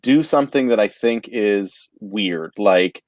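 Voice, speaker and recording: A man from Canada hosting a casual talk show, halting and stammering with frequent restarts. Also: fairly low pitch, darkish tone, dry recording. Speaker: podcast host. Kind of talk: casual chat.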